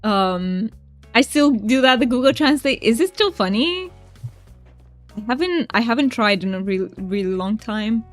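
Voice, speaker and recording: Woman, gaming streamer, chatty and giggly, slightly high voice, soft music behind. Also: expressive, measured pace. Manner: chatty, giggly, reads chat aloud. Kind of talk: casual gameplay chat with chat.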